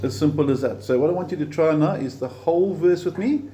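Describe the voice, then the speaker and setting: A man's voice: on the high side, fast. A man teaching a beginner guitar lesson step by step, patient and encouraging, counting the beats aloud.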